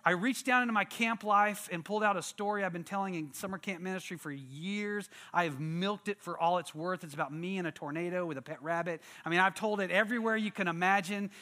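Preacher, animated storyteller who acts out the scenes, high bright tone. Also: male voice, fairly quick, hardly any pauses. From Texas. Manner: animated, acts out quotes and sound effects. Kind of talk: storytelling sermon.

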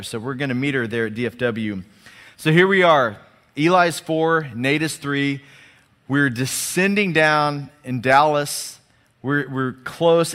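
A man preaching a sermon as a lively storyteller who acts out the dialogue and often restarts and repeats his words. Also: medium pitch. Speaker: pastor. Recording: long hall reverb.

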